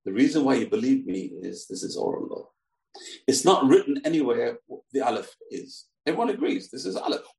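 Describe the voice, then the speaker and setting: A calm, fatherly old sage who speaks gently and patiently, as a storyteller puts him on. The voice sits a little low and soft, with a gravelly edge. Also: brisk, roomy sound, far from the mic, poor audio.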